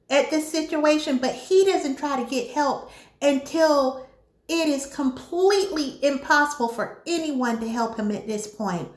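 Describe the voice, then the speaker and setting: A high-voiced woman chats about a movie and retells the plot with animated flair, turning to her viewers as she goes. Her voice bounces around a roomy, echoing space. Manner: animated storytelling, talks straight to viewers. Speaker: movie reviewer. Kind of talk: casual chat.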